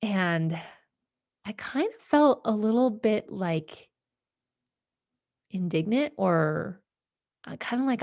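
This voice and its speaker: A woman hosting a podcast, telling a personal story in a reflective, halting way with many fillers and restarts. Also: medium pitch, lively intonation, darkish tone, dry recording. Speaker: podcast host.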